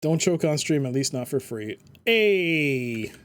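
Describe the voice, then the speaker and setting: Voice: medium pitch, animated, slow pace. A game streamer chatting casually through a live playthrough at a home computer, reading game text aloud and humming along to the music.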